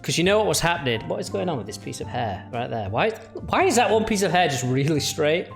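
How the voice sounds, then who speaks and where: A man's voice: a little high, sing-song, fast, vocal fry, faint music behind. A young man giving chatty, mocking reaction commentary on video clips. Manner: chatty, jokey, mocking asides.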